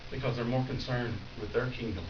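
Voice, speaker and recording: Energetic man preaching in an echoey room. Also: mid-range voice, brisk. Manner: animated, acts out excited voices, often shouts. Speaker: youth preacher. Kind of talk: sermon. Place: church youth room. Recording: dull echoey room recording from a distance, noisy.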